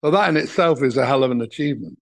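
A man's voice: medium pitch, expressive, rapid-fire. An older man from England, a talent manager, recalling his career in an interview with chuckling, anecdotal asides. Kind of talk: reminiscing interview answers.

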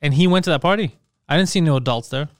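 A man telling a party story in casual chat, profane and animated, acting out other people's lines. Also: fairly high pitch, quick pace, dry recording, clean studio sound.

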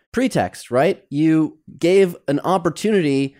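A man's voice: medium pitch, animated, normal speed, a little mellow. A man hosting a podcast interview, summing up the guest's points and leading into questions. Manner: summarizes and leads into questions. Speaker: podcast host. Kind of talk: casual interview.

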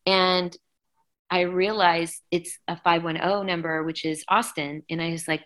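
A middle-aged woman, a singer being interviewed, recounting events in a lively, emotional way and acting out quoted dialogue. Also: lowish voice, normal speed. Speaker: guest singer. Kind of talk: conversational interview storytelling.

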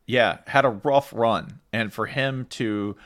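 A man's voice: mid-range voice, takes it slowly, a bit bright. A man co-hosting a podcast in casual chat, joking and rambling with frequent restarts. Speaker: podcast co-host.

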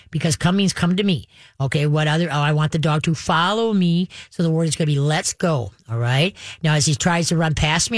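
A woman's voice: low-pitched, dry recording. A woman hosting a radio show as a dog trainer, giving step-by-step coaching, often checking in with "okay" and "all right". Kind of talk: instructive radio advice.

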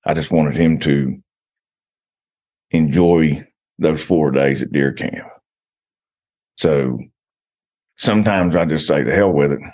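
A man's voice: rumbling low, slow, pauses often, a little mellow. A man telling long rambling stories as a podcast guest, full of restarts and "you know.". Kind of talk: casual podcast chat.

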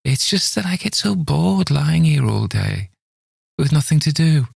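A man's voice: fairly high pitch, very animated, a little slow, creaky, a little mellow, breathy edge, dry recording, clean studio sound, pitched above the performer's own voice, full character voice. A man voicing a wizened, mean old man who plays cruel pranks, gurgling and wheezy in a sly, needling way. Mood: mock-apologetic.

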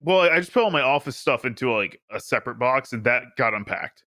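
A man chatting casually on a podcast in a quick, offhand way. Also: medium pitch, animated, pushed and bright, no room sound, clean studio sound. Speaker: podcast regular. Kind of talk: casual chat.

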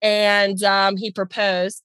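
A woman guest telling a personal story in a chatty, animated way, swearing freely. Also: medium pitch, slow pace, clean tone, no room sound. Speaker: podcast guest. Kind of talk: casual storytelling.

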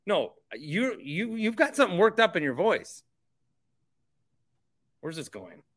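A man's voice: high voice, big pitch swings, a little slow, fairly bright tone. A male sports radio host reacting to a caller, stammering and incredulous, with frequent repeated words.

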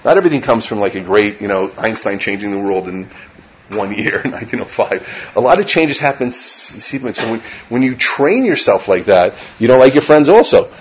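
A middle-aged rabbi gives an informal Torah lecture to a live audience, speaking conversationally, repeatedly asking "right?", and mixing Hebrew and Yiddish terms into his English. His lowish voice is animated at normal speed, and the sound is lo-fi.

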